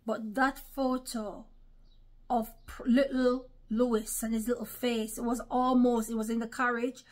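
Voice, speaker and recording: An unhurried woman with a fairly high voice that barely moves in pitch offers religious commentary on an online vlog. The preacher is emphatic and often speaks to her listeners as brothers and sisters.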